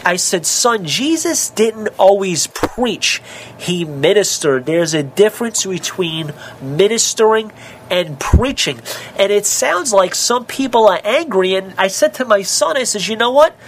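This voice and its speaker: A man's voice: sits high, a little hiss or hum. A middle-aged man, a minister, preaching in an earnest, conversational way and telling stories as he speaks to the host. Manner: earnest and storytelling, addresses the host by name. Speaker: minister and guest.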